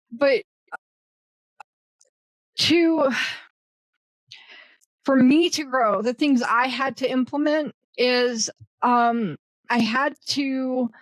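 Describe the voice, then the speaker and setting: Woman guest, blunt and self-deprecating, higher voice, dry close sound. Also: no room sound, rough recording. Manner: rambling with fillers and restarts. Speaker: guest, virtual assistant. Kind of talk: casual interview conversation.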